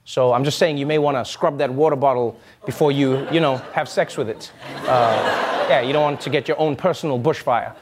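A man's voice: mid-range voice, normal speed, heavy background noise. A man hosting a comedy news segment, delivering scripted jokes and laughing between punchlines. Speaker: comedy show host.

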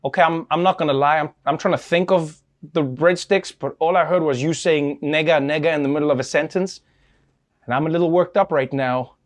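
A man hosting a comedy news show, trading scripted banter in an animated way that sometimes stammers and gets flustered. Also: a little high, a little fast. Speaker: late-night comedy news host.

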